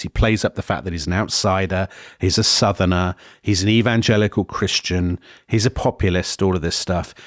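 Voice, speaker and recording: A man co-hosting a history podcast, telling the story in a lively, digressive way with frequent self-corrections. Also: medium pitch, dry recording, clean studio sound. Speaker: podcast co-host.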